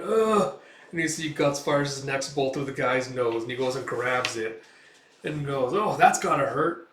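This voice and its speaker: A man's voice: mid-range voice, fairly bright tone, a little hiss or hum. Young guy chatting through a comic, lots of uhs, far off the mic in an echoey room. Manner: rambling, filler-heavy, chatty. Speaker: comic read-through host. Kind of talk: casual read-through commentary. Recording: roomy, distant mic.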